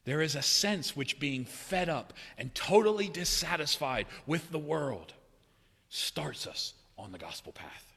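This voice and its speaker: Bright-voiced preacher man in a reverberant hall. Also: expressive, measured pace, vocal fry, slightly rough. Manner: dynamic preaching, swinging from loud cries to hushed low tones. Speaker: pastor. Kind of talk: sermon.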